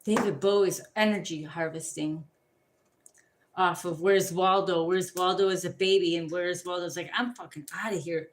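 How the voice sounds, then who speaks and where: A woman's voice: fairly low pitch, steady tone, moderate pace, slight background noise. Rambling, profane woman reading tarot. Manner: rambling, profane, jumps between topics. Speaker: tarot card reader. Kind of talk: rambling casual livestream chat.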